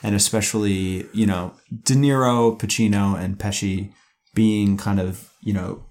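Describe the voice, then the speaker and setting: Male podcast co-host, lower-pitched, playful and chatty, lots of restarts. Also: unhurried. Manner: playful, chatty, lively, with many fillers and restarts. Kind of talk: casual podcast chat.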